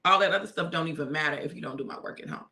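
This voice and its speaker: A woman quoting God as a calm, firm male voice, speaking quietly. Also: sits low, very fast.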